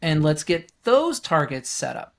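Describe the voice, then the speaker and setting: A man's voice: a little high, big pitch swings, unhurried, vocal fry. A middle-aged man, a guest coach on a business podcast, telling stories animatedly and acting out the people he quotes in a raised voice. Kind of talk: storytelling in a podcast interview.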